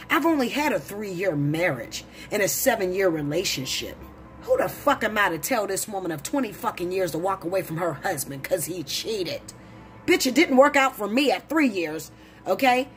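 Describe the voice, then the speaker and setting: Blunt, profane woman ranting, voice leaping high. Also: animated, moderate pace, soft background music. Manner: blunt, profane, preachy, rising to shouts. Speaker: tarot reader. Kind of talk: heated monologue to camera.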